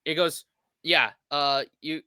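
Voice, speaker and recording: American man, casual reaction chat, bright clear voice, dry close sound. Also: fairly high pitch, fairly even intonation, slow, no echo. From United States. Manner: rambling, hesitant, joking. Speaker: reaction channel host.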